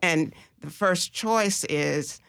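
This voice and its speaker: A woman guest explaining gardening in a radio studio interview, speaking slowly and haltingly with many filler pauses. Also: lowish voice, creaky, a bit bright, smooth, no echo.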